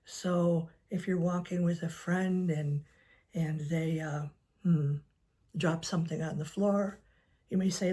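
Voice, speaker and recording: A woman counselor giving gentle advice to camera, soft-spoken and often dropping to a near whisper. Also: fairly low pitch, fairly even intonation, slow. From United States. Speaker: licensed professional counselor. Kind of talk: calm advice talk to camera.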